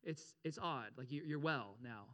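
A man preaching a sermon as pastor, animated, repeating phrases and checking in with his congregation. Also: normal speed. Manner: animated, addresses congregation with frequent check-ins; repeats phrases, rises in pitch and volume for emphasis.

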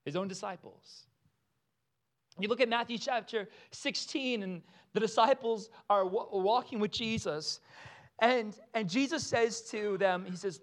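A man preaching a sermon, animated, acting out the lines with voices and laughing often. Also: high-pitched, brisk. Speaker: pastor.

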